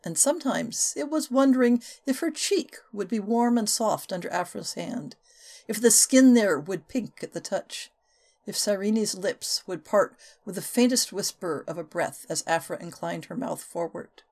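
A woman reading a historical novel aloud as an audiobook narrator, with expressive, varied delivery. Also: mid-range voice, moderate pace, vocal fry. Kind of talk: scripted narration.

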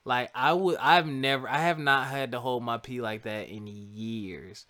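A man casually telling a funny personal story to listeners, animated and laughing often. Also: mid-range voice, unhurried. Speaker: co-host telling a couple's story.

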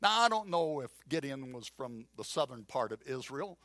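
A man preaching a sermon as pastor, emphatic and animated, repeating key phrases and acting out doubting voices. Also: medium pitch, moderate pace, no room sound. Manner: acts out voices of a doubting listener and a drawling Gideon.

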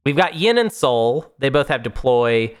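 A relaxed man in a casual board game chat, speaking at a middle pitch and hedging his points with "I mean" and "like". His delivery is easygoing, and he often trails into a joke. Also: measured pace, clean tone. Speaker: co-host.

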